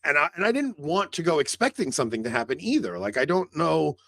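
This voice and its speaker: A man's voice: on the high side, big pitch swings, quick pace, vocal fry, fairly bright tone, no room sound. A man co-hosting a podcast in casual chat, telling a long rambling story full of "like" fillers and acted-out dialogue. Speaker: podcast co-host.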